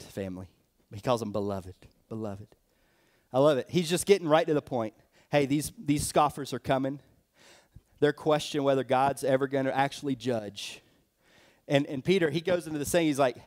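A man with a high voice preaches a sermon as a church elder. He delivers it expressively, jumping up to mock scoffers and dropping low and quiet to drive a point home. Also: normal speed. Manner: expressive, mocking scoffers in a raised voice, dropping low and soft for emphasis.

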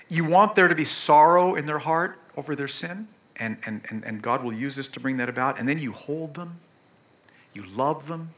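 Bright-voiced middle-aged pastor preaching. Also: male voice, mid-range voice. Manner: earnest, pleading, emphatic with sudden loud bursts. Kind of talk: sermon.

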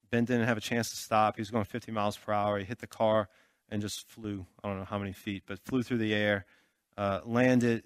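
A man's voice: lowish voice, smooth, no echo, studio quality. A man giving a sermon through a personal story, talking loosely and conversationally with lots of fillers and check-ins. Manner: checks in with listeners often. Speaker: pastor.

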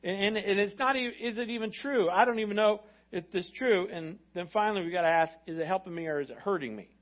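Male pastor, sermon, repetitive, energetic, high-pitched, dull sound. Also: fast talker. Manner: energetic, repetitive, acts out quotes. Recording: slightly muffled recording.

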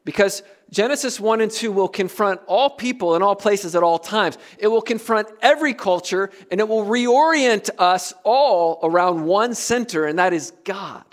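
A middle-aged man from the United States preaching a sermon, earnest and emphatic, with soft dropped asides. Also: high-pitched, normal speed, few pauses. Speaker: pastor.

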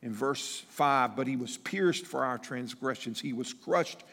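A man preaching a sermon, animated, acting out the people in the story as he goes. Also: medium pitch, a little slow, long reverb tail. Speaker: pastor.

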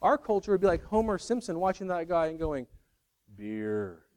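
A man's voice: high-pitched, quick pace, a little mellow. A middle-aged man giving a sermon, conversational with self-deprecating humor and acted-out quotes. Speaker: pastor.

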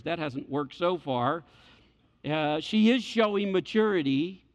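A middle-aged pastor preaches a sermon in a fairly high, slightly bright voice, repeating key phrases and acting out the voices of people in his stories. The recording is dull and lo-fi, washed in hall reverb.

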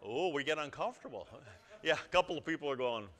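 A man preaching a sermon to his congregation as their pastor, swinging from quiet asides to loud exhortation. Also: on the high side, lively intonation, quick pace. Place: church sanctuary before a congregation.

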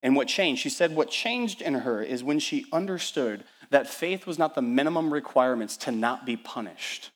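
A man preaching a sermon at church as the pastor, building energetic repeated lists and asking the congregation rhetorical questions. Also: medium pitch, normal speed, few pauses.

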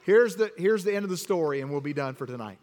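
A man teaching children a Bible lesson, acting out the story and directing the kids with quick, repeated commands. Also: a little high, animated, darkish tone, some chatter behind. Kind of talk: interactive acted-out Bible lesson. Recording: long hall reverb.

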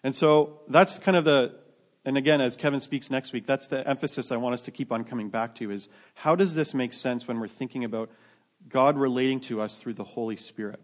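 A man's voice: medium pitch, brisk. Man preaching a casual sermon. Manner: conversational, many restarts, self-deprecating asides. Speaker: pastor.

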